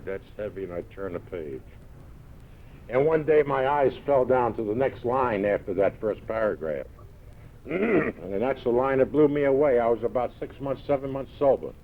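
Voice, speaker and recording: A man with a New York accent telling gruff, punchy stories to a meeting audience, full of quoted one-liners. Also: on the low side. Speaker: recovery meeting speaker. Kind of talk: storytelling talk to an audience. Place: large event hall. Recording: tinny old 1970s tape recording.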